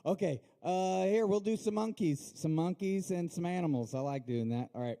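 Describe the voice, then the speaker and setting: A man's voice: high-pitched, normal speed, vocal fry, few pauses, dark tone. A man performing a playful, giggly comedy bit at a bar open mic.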